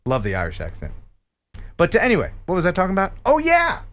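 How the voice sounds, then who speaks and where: An American man hosting a live stream, telling puns and reading sponsor plugs in a jokey, animated way. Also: on the high side, rapid-fire. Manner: animated, punning, jokey delivery. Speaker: host. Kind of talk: live stream chat with jokes and sponsor reads.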